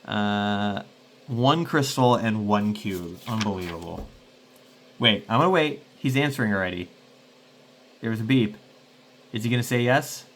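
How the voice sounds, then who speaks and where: Male solo tabletop player who thinks aloud and rambles, mid-pitched voice, faint background hum. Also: unhurried, pauses often, a bit bright. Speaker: solo game player and host. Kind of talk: casual solo tabletop play-through.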